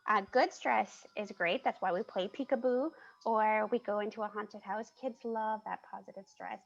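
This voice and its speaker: A woman who works as a children's museum consultant, explaining her work on a panel in an animated way and laughing as she talks, over a video call. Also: medium pitch, moderate pace, gravelly. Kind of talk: presenting on a panel. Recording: muffled video call audio.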